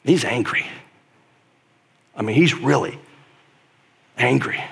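A man preaching a sermon in a conversational, emphatic way, dropping to a hush and then building to loud stress. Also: mid-range voice, slow, vocal fry, husky. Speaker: pastor.

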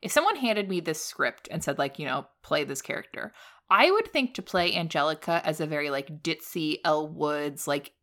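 A woman's voice: sits low, animated, moderate pace, a bit bright. A young woman talking casually about a film, with many "like" fillers, who acts out quoted lines from it. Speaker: podcast co-host.

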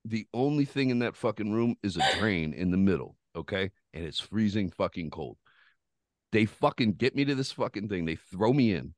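Low-voiced man telling a profane story. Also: normal speed, dry recording. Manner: profane, rambling, animated retelling. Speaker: podcast host. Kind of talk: casual storytelling chat.

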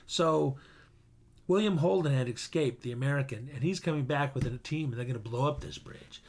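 A man co-hosting a podcast, retelling a film's plot in a casual, halting way. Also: on the high side, creaky. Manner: retells a film plot with many hesitations. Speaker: podcast co-host. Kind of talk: casual chat.

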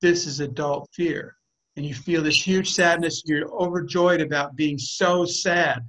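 A man's voice: fairly high pitch, fairly even intonation, measured pace, fairly bright tone, low-quality recording. A man leading a group call, talking in a direct, blunt and emphatic way as he coaches the participants. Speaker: group facilitator.

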